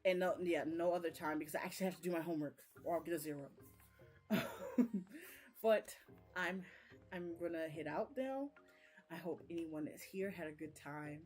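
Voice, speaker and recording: A woman's voice: deep voice, normal speed, long pauses, darkish tone, faint music behind. Chatty young woman rambling casually. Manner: rambling, chatty, many fillers. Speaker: book vlogger. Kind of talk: casual live-stream chat.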